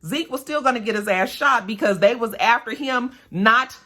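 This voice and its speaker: A woman casually recapping a TV episode, talking in an animated, salty way with lots of asides to viewers. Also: a little high, normal speed. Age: adult, a mother. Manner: animated, profane, chatty with frequent "you know" and "okay". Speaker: TV episode reviewer.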